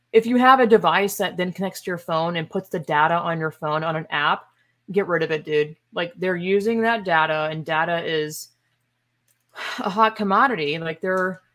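Her pitch fairly low and her tone a bit bright, this podcast host delivers an opinionated, casual monologue. She sounds sarcastic and exasperated, hitting points emphatically and scoffing along the way.

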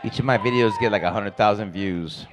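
A man doing profane, loud stand-up comedy in a club, riffing with the crowd on a handheld mic. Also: fairly low pitch, fairly quick, noisy background. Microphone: handheld stage mic.

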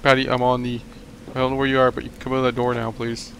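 A man's voice: medium pitch, monotone, fast talker, gravelly. Young guy doing game commentary, cracking jokes at the monsters, some hiss behind his voice. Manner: joking, rambling, talks back at enemies. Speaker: let's play host. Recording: noisy home recording.

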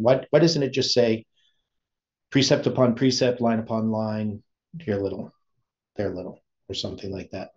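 A man teaching an informal Bible study, speaking haltingly and often stopping to search for words. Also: lowish voice, fairly even intonation, darkish tone. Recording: dull lo-fi recording.

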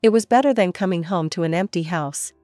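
A woman with a fairly low voice reads a first-person story in a calm, steady manner. The sound is very dry and close, with faint music underneath. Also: a little fast, no echo. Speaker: narrator. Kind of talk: scripted storytelling narration.

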